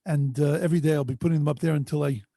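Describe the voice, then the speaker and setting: A man, a rabbi, teaching a Torah class over a video call in an earnest, drawn-out way, sprinkled with Hebrew and Yiddish terms. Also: a little high, steady tone, creaky, warm tone, dry recording. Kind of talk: storytelling Torah lesson. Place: home online video call. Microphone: video call microphone.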